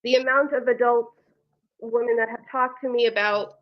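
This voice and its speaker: A woman guesting on a podcast as a sex educator, chatting casually in a wry, unhurried way with light laughs. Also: fairly high pitch, steady tone, lo-fi sound. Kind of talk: casual chat.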